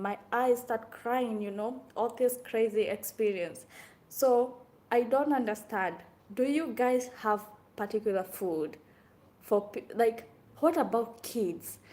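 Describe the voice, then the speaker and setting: A young woman from Kenya chatting to camera in a casual vlog, animated and exclaiming often. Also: fairly high pitch. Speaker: vlogger.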